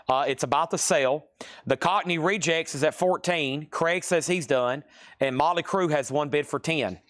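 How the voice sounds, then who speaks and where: A man hosting a live record sale, briskly calling out records, prices and bids. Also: a little high, fairly bright tone. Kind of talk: live auction selling.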